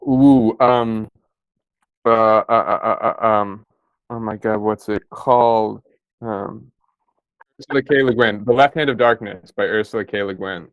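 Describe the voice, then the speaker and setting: A man's voice: on the low side, fairly even intonation, a little slow, dry recording, lo-fi sound. A man in a casual interview, laid-back and slangy, often hesitating with fillers. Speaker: podcast co-creator.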